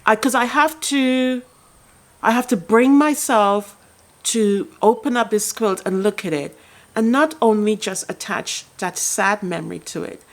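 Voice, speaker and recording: A middle-aged woman sharing a personal story in a vlog, speaking softly and haltingly, with many restarts. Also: on the high side. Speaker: quilting vlogger. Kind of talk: personal vlog talk to camera.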